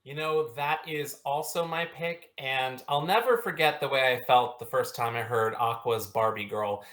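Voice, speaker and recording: Teasing guy talking songs, dry humor, middle pitch. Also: normal speed, fairly bright tone. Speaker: co-host. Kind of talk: casual chat about music picks.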